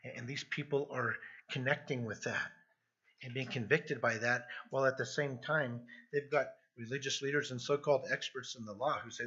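Bright, husky-voiced man preaching. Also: medium pitch, fairly even intonation, moderate pace. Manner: earnest, repeats words when emphasizing. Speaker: pastor. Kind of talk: expository sermon. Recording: dull lo-fi sound.

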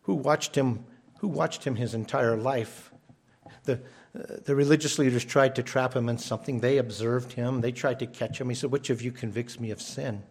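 A man's voice: mid-range voice, steady tone, moderate pace, gravelly, a little mellow, breathy edge. A man preaching a sermon as pastor, emphatic and often repeating his first words as he starts a phrase.

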